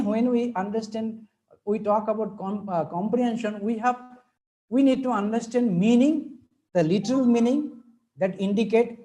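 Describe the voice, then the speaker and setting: A man with an Indian English accent delivers an online lecture to teachers. He works through each point methodically and pauses often to check that his audience is keeping up. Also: sits high, dark tone, poor audio. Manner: explanatory, checks in often with "all right?". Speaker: teacher trainer. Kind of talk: webinar lecture.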